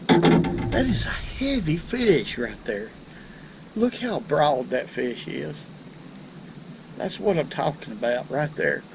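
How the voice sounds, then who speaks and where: A man hosting a casual fishing vlog from a boat on a river, folksy and excitable as he talks to viewers. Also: fairly high pitch, slow pace, gravelly, long pauses, noisy background. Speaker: fishing channel host.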